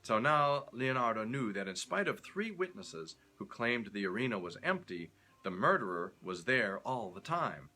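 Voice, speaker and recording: A man reading a short story aloud, expressive and acting out each character. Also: mid-range voice, normal speed, hardly any pauses, faint music behind.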